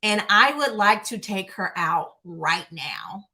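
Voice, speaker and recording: A bold, pushy young man, as a woman storyteller puts him on presses his case in a hurried, insistent rush. The voice stays bright and close to an ordinary middle pitch. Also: lively intonation.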